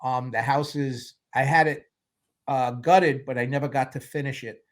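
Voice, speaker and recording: A man in his sixties chats as an interview guest, mid-pitched and unhurried. He rambles candidly from one story to the next and slips wry humor into them. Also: fairly even intonation. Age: 60s. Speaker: guest film producer. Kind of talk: casual interview chat.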